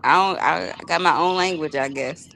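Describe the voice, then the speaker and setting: A woman's voice: deep voice, moderate pace, gravelly, sharp tone, slight background noise, low-quality recording. A woman from the northern US, chatting casually as a co-host, blunt and amused. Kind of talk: casual group chat.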